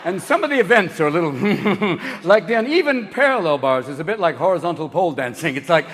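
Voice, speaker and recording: Manic, high-voiced man doing stand-up. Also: animated, a little fast, slight background noise. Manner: manic, profane, jumping into voices and shouts. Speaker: stand-up comedian. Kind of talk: stand-up comedy routine. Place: theater stage with live audience. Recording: reverberant hall, live audience.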